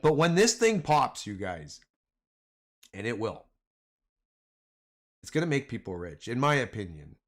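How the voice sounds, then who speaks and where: A man's voice: medium pitch, a little slow, pauses often. A Canadian man with a Canadian accent giving casual, slangy live market commentary to his chat. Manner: slangy, animated, addresses chat as man and boys. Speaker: stock trading livestreamer.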